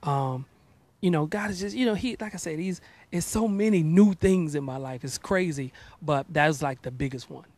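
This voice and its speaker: Guy in his 30s chatting in an interview, kinda preachy, stumbles and repeats words, voice sits a bit high. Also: normal speed, no echo. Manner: animated, preachy, repeats words when starting. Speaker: gospel artist interviewed about his album. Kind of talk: casual interview chat.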